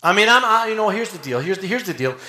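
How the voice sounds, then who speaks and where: A man preaching a sermon in a folksy, animated way, swinging from loud emphasis to hushed asides. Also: high voice, quick pace, roomy sound.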